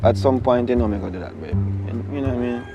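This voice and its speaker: An actor with a Jamaican accent playing an easygoing, affectionate boyfriend who speaks in relaxed patois. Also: male voice, medium pitch, quick pace, highs cut off, over music, close to an everyday voice. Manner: relaxed patois, calls her babe. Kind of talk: web series acting.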